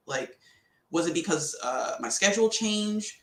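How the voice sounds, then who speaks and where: Slangy woman motivational podcaster, animated delivery, roomy echo. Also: on the low side, unhurried. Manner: animated, chatty, slangy, laughs often. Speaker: podcast host. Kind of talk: casual motivational talk.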